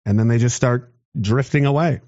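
A man's voice: medium pitch, moderate pace, mellow, lo-fi sound. A man in his thirties in a rambling, sarcastic casual monologue, swearing and laughing often. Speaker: commentator.

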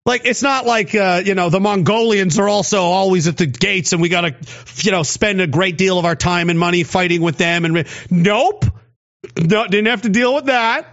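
A man's voice: high voice, moderate pace, a bit bright, lo-fi sound. A man from Canada, rambling sarcastically and cursing while he talks on a livestream and answers chat. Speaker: streamer reading chat. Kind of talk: casual livestream commentary.

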